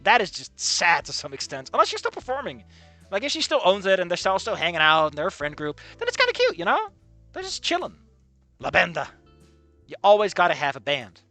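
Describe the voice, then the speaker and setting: Sarcastic, lively streamer over faint music. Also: medium pitch, fairly quick, no echo. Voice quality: sarcastic, incredulous, swears freely. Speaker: let's play streamer. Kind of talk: reactive commentary on a visual novel.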